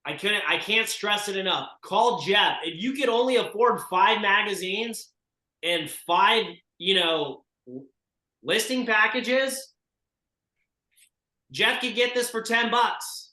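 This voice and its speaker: High-voiced, bright, forceful male coach. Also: lively intonation, slow, echoey room, low-quality recording. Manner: forceful and emphatic, urging listeners on. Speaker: real estate coach. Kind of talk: group coaching session.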